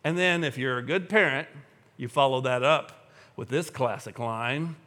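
A man preaching a sermon to a congregation in a church, animated and humorous, acting out everyday scenes. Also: mid-range voice, moderate pace. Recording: long hall reverb.

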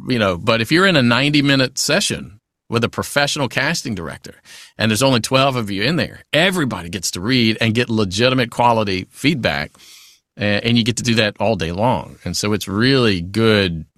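Male voice actor guest, chatty and animated, dry close sound. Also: fairly low pitch, brisk, no echo. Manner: chatty, animated, many "you know" asides. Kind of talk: casual interview advice.

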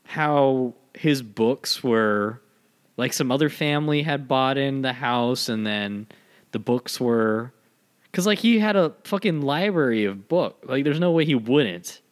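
A man's voice: mid-range voice, lively intonation, measured pace. A man co-hosting a podcast, telling a story in casual chat with lots of fillers. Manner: rambling, filler-heavy storytelling. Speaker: podcast host.

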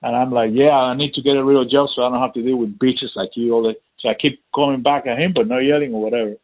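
A man with a husky voice tells a story in casual chat, cursing freely and playing out the lines of the people in it. The sound is thin and tinny, like a phone line. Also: mid-range voice, quick pace. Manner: profane, animated, acts out quotes.

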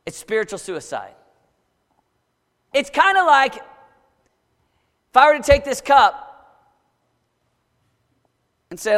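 A man preaching a sermon to a young crowd, dramatic, swinging from shouts down to low, intense murmurs. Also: very animated, slow, pauses often, long reverb tail.

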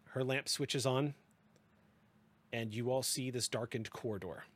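A man, as game master, narrating a tabletop roleplaying game in a descriptive, unhurried way. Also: mid-range voice, steady tone, a bit bright.

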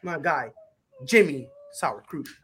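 A man's voice: fairly high pitch, expressive, slow, a bit bright, slight background noise. A man co-hosting a casual sports chat, boisterous and emphatic, making bold hyped predictions. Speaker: podcast co-host.

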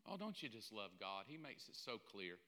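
A man preaching a sermon in an animated, joking way, often mimicking the voices of other people. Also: fairly low pitch, moderate pace. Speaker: pastor. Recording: long hall reverb.

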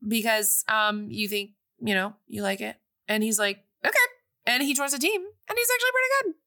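A woman casually retelling a film's plot on a podcast, animated and breezy. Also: on the high side, fairly quick. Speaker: podcast co-host recapping a film. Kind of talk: casual recap chat.

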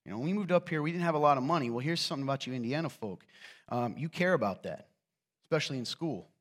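A man's voice: mid-range voice, expressive, fast talker. A middle-aged man from Eastern Kentucky with a slight Southern Appalachian accent, preaching a sermon in a conversational storytelling way with self-deprecating humor. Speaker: pastor.

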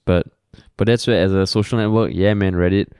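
Laid-back Singaporean man, low voice. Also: fairly even intonation, a little fast, darkish tone, clean tone, dry recording, studio quality. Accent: Singaporean English. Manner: easygoing, laid-back, uses "lah" and "sia". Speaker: podcast co-host. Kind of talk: casual podcast chat.

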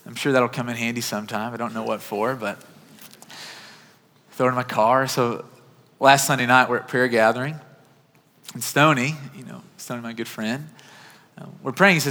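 A man's voice: mid-range voice, steady tone, moderate pace, long pauses, sharp tone. A man in his thirties preaching a sermon, telling a personal story in an earnest, conversational way. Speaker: pastor. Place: church auditorium. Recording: church hall reverb.

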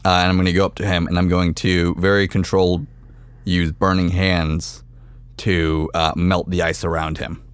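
A man's voice: deep voice, level tone, moderate pace, clean tone, dry recording. A man playing a tabletop game, casually describing his character's actions step by step. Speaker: player.

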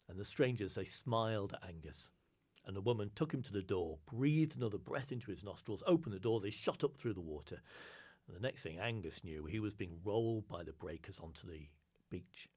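A male storyteller tells a folk tale in a measured, dramatic performance. His voice is low and husky. He often sinks to a hushed whisper on the quiet moments.

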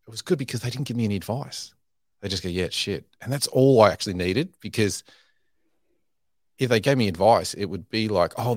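A man's voice: on the low side, no echo, studio quality. A man in his thirties, a podcast guest, telling frank, self-deprecating stories in casual talk and often restarting his phrases. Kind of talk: candid conversational storytelling.

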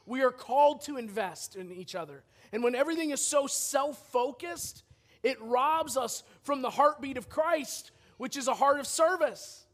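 A man's voice: very high voice, animated, normal speed, a bit bright. A man preaching a sermon in a church as pastor, earnest and often repeating words as he goes.

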